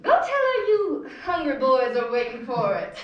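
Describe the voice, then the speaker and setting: A woman's voice: sits high, sing-song, measured pace, dull audio. A young woman acting a middle-aged Southern belle mother who chatters in a flowery, gushing way, recorded from far off in an echoey room. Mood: fussing. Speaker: student actor. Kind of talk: stage play scene.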